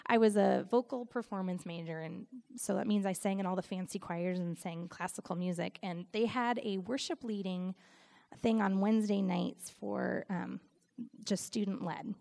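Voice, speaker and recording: Animated woman preaching with vocal fry. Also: mid-range voice, normal speed. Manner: animated storytelling, laughs often. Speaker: Christian speaker and worship leader. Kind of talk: conversational sermon.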